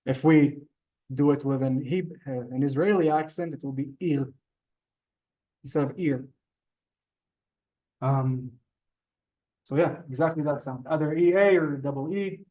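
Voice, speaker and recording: Teaching beginner Hebrew live in a synagogue room, also broadcast over Zoom, this man speaks at normal speed with long pauses. His voice is somewhat high for a man yet dark in tone, and his manner is courteous and talkative, calling students "sir".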